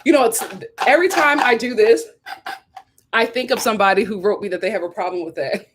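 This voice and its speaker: A woman hosting a casual live stream, reading viewer comments aloud and reacting with opinionated chatter, laughs and sudden high squeals of surprise. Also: a little fast, a little hiss or hum. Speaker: live stream host reviewing a reality show. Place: home in a hot city.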